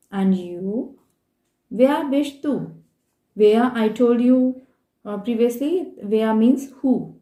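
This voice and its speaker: A woman's voice: a little high, warm tone. A woman with an Indian English accent teaching beginner German from a textbook, patiently repeating and spelling out words. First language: Hindi. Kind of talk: textbook lesson explanation. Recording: echoey room.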